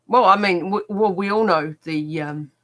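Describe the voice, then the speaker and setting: A woman's voice: mid-range voice, normal speed. A woman reading silly online comments aloud on a comedy livestream, giggly and playful. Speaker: comment reader.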